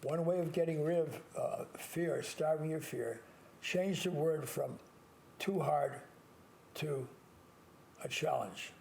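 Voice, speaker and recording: An older man with a gravelly, creaky voice sitting a little high, talking as a priest on his own call-in show. He leans on single words, slows right down to stress them, and restarts himself often. A faint low rumble sits under the recording. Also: a little mellow. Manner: earnest, repetitive, stresses key words slowly, with frequent restarts. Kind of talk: call-in show monologue, motivational advice.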